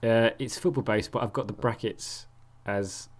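A man's voice: lowish voice, moderate pace. A man co-hosting a podcast, chatting casually and laughing often. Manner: laughs often, playful teasing. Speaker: podcast co-host.

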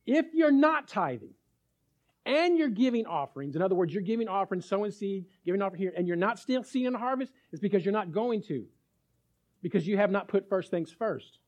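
A man preaching a sermon as pastor, animated, acting out little dialogues and asking his listeners if they follow. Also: high voice, a little fast. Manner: animated, acts out little dialogues, asks the crowd.

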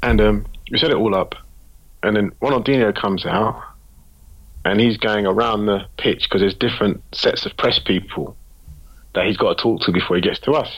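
A man from Britain, a creative director, telling animated, slangy anecdotes in a casual podcast interview. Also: lowish voice, moderate pace, lo-fi sound.

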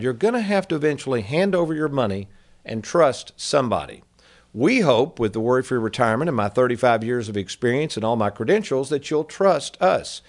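Folksy financial radio host, middle-aged man. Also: medium pitch. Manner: folksy, addresses listeners as folks. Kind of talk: casual radio talk.

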